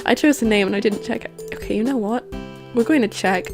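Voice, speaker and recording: A woman's voice: medium pitch, fast talker, over music. Chatty, playful woman streamer. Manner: chatty, self-mocking and playful. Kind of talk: casual gaming livestream chat.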